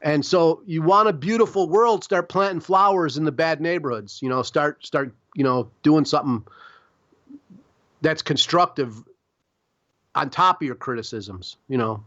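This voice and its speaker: A man's voice: on the high side, moderate pace, a bit bright, no room sound, muffled recording. Profane, rambling man from Chicago. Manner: rambling, profane, streetwise, frequent "like" and "you know". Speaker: podcast guest, publisher. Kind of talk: casual interview storytelling.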